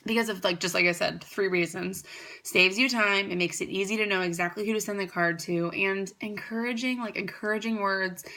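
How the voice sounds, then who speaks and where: A young woman pitching her greeting card business to the camera in a chatty, upbeat way, rambling with fillers and restarts. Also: steady tone, brisk, bright, forceful tone. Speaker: card company founder. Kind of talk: casual product pitch to camera.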